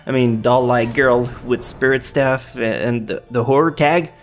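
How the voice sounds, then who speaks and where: A man's voice: medium pitch, steady tone, a little slow, faint music behind. A man with a French accent hosting a countdown list in a cheeky, joking way, with some swearing. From France. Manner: cheeky, swears, teasing jokes. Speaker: anime list host. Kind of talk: scripted countdown commentary.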